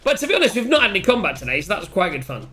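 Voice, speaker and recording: A man chatting excitedly as a player wrapping up a tabletop game session, swearing freely. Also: high-pitched, rapid-fire. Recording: faint music behind.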